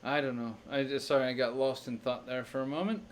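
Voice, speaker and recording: A man's voice: mid-range voice, steady tone, fairly quick, slight background noise. A young man on a live stream, thinking aloud through a crossword with many fillers and restarts. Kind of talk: casual live-stream chat.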